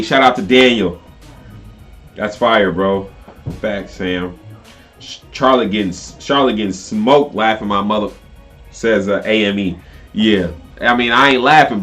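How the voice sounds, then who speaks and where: Lower-voiced man casually chatting over a game. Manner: chatty, reads viewer comments aloud, animated reactions. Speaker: live stream host. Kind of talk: casual live game commentary.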